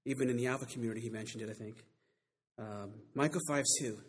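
A man preaching a sermon with emphatic delivery that builds to loud climaxes and slows down to stress key words. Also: mid-range voice, breathy edge.

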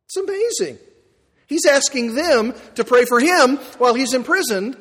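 Male pastor, high voice, emphatic sermon delivery, long echo from a church hall. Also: moderate pace, slightly rough. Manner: emphatic, rising to excited peaks then dropping quiet. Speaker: preacher.

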